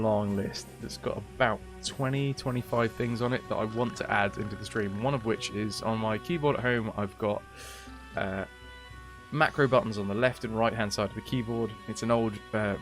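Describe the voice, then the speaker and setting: A man giving casual commentary while he plays a game on a stream. He rambles and jokes between moves, in a fairly low voice. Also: moderate pace, faint music behind. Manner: rambling, chatty, jokey.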